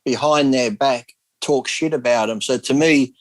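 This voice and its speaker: A man's voice: medium pitch, measured pace, no echo. A man on a video call, telling rambling stories in casual chat and swearing freely. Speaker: guest.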